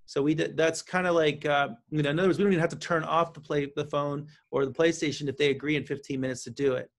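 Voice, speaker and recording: A man speaking as a counselor guest in an interview, explaining parenting advice with lively delivery and frequent restarts. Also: on the high side, fast. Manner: animated, acts out parent and child lines, frequent restarts. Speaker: counselor and author.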